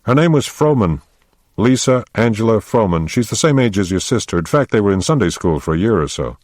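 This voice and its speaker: A man's voice: on the low side, big pitch swings, fairly quick, a little mellow, no room sound, studio quality, pitched above the performer's own voice. A man reading a novel aloud, voicing a rueful, self-mocking working man full of regrets.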